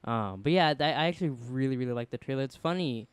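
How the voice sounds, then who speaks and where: A man's voice: mid-range voice, lively intonation, clean tone, dry recording. A man co-hosting a podcast in casual chat, rambling and swearing with many restarts. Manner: fast rambling, profane banter with restarts. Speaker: podcast co-host.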